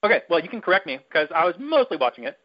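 A man's voice: fairly high pitch, very animated, rapid-fire, lo-fi sound. A man hosting a podcast, recapping a movie in a rambling, chatty and irreverent way. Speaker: podcast host. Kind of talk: casual chat, movie recap.

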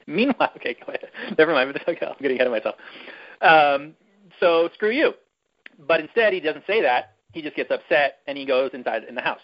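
A man's voice: a little high, animated, fairly quick. Rambling, irreverent man on a muffled recording. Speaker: podcast host. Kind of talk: casual chat, movie recap.

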